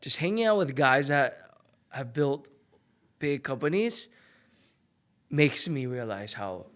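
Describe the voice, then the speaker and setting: A man's voice: mid-range voice, very animated, slow pace, a bit bright. A young man, a former pro golfer, chatting as a podcast guest in a loose storytelling way full of fillers. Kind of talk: casual interview chat.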